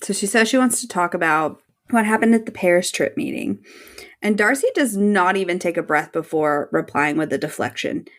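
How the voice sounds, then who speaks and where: A woman's voice: on the low side, normal speed. Laughing woman co-host retelling scenes. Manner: animated retelling, acting out quotes, swears freely, laughs often. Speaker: podcast co-host. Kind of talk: casual podcast chat.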